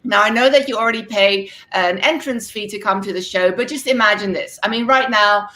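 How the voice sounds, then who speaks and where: A woman's voice: mid-range voice, fairly quick, bright, forceful tone. A woman hosting an online comedy show over a video call, chatty and laughing between lines.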